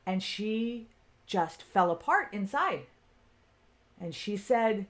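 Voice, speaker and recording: A woman's voice: mid-range voice, expressive, takes it slowly, pauses often. A woman telling a personal story in a casual, conversational way, often checking in with her listeners. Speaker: speaker on self-care.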